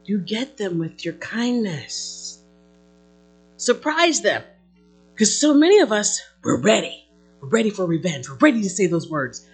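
A pastor preaching a sermon in an animated way, with playful asides and acted-out quotes. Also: mid-range voice, unhurried, slightly rough, soft background music.

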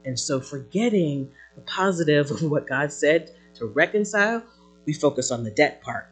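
Pastor, husky tone, very lively sermon delivery with playful asides. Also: medium pitch, normal speed, faint music behind. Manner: animated preaching with playful asides and acted quotes.

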